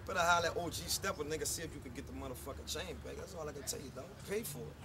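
High-voiced New Orleans man ranting on the street. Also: racing, gravelly, hardly any pauses, a crowd in the background. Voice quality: profane, boastful, confrontational street talk. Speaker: rapper. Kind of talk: unscripted street vlog rant. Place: outdoors on a neighborhood street. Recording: loud street noise with passing cars.

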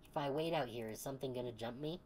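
A woman's voice: very deep voice, fast, a little mellow, a little hiss or hum. A woman streaming a game, chatting casually and playfully, joking and laughing often. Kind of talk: casual let's-play commentary.

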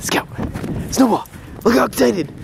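A man filming his dog on a rural front lawn and calling to her in high sing-song calls with chuckling asides. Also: animated, measured pace. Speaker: vlogger. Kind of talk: casual vlog, playing with his dog. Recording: outdoor recording with clear background noise.

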